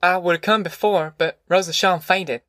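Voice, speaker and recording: A man's voice: sits high, steady tone, normal speed, fairly bright tone, no echo, clean studio sound, pitched above the performer's own voice. A man voicing a hardworking, firm but tender mother with a drawl. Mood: earnest coaxing. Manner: earnest, plain-spoken.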